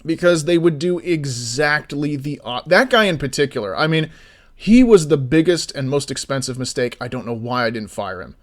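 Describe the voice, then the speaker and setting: A man's voice: a little high, moderate pace. A man streaming as an indie game developer, ranting with free swearing and then explaining things in casual chat. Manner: swears freely, animated ranting storyteller; slides into explanatory commentary.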